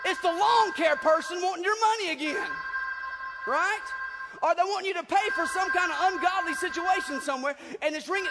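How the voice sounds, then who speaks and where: A man preaching a comedic sermon as pastor, animated and shouting in bursts. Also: very high voice, a little fast, loud music behind the voice. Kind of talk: comedic sermon with acted outbursts. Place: church hall. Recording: long church hall reverb.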